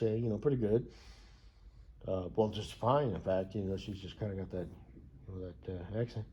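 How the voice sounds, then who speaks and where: A man's voice: on the low side, brisk, long pauses, mellow, slightly rough, highs cut off. A young American man telling a rambling, profane story with lots of fillers and restarts. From United States. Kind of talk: casual rambling monologue.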